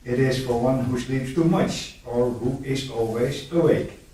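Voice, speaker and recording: A man in a class reading a verse translation aloud, slowly and haltingly, correcting himself once. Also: mid-range voice, warm tone. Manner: slow, halting reading with a restart. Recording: far-off voice in echoey room.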